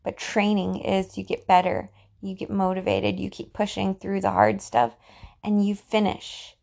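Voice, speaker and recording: A woman's voice: fairly high pitch, gravelly. A middle-aged woman hosting a motivational podcast, talking to listeners in an encouraging, chatty way and often repeating herself. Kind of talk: motivational talk.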